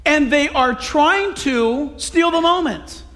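A male pastor delivering a sermon in a notably high voice. He tells the story with animated energy and slips in playful voices for the people in the text. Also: slow. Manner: animated, acts out voices of Bible characters.

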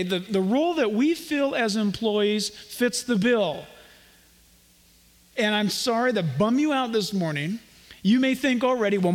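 A man's voice: high-pitched, in a large hall. A man preaching a sermon as pastor, folksy and joking, acting out little dialogues. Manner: folksy, jokey asides, acts out little dialogues.

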